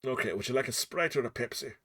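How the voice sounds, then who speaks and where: A man's voice: mid-range voice, quick pace, sharp tone. A man voicing a jolly male bear wizard in a put-on Scottish accent, chanting playful rhyming spells. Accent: Scottish, put-on Sean Connery impression. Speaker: game master.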